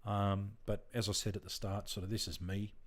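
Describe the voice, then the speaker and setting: A man's voice: on the low side, flat delivery, normal speed. A laid-back Australian man chatting casually with viewers during a game stream, rambling and friendly with lots of fillers. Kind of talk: casual live-stream chat.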